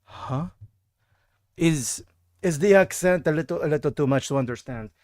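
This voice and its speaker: A man's voice: on the high side, expressive, a little fast, darkish tone, dry recording, studio quality. A young man from Texas in casual, rambling live-stream chat, reading out viewer messages as he plays. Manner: rambling, chatty, reads chat aloud. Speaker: game streamer.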